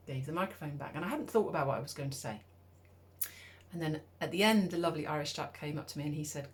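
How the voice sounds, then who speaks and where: Low-voiced woman telling a personal story. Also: quick pace. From United Kingdom. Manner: animated, conversational, acts out her own thoughts. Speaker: speaker.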